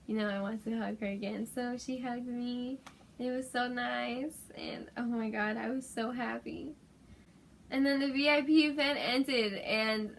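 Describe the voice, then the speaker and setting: Young woman, hoarse, giggly and gushing, bright voice, slightly high pitch. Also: moderate pace. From Los Angeles, USA. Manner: gushing, giggly, fan excitement. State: hoarse from screaming. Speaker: vlogger. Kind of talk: excited casual vlog recap.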